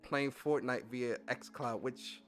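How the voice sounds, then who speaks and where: A man hosting a gaming podcast who reads out industry news and reacts to it in casual, animated, profane commentary, laughing often. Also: mid-range voice, slow pace, soft background music.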